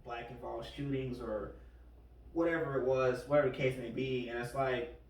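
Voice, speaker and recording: A man's voice: mid-range voice, fairly even intonation, moderate pace, darkish tone. Rambling man podcaster in an echoey room. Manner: rambling, retells stories with quoted voices. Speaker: podcast host. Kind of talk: casual podcast chat. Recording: echoey room, far from the mic.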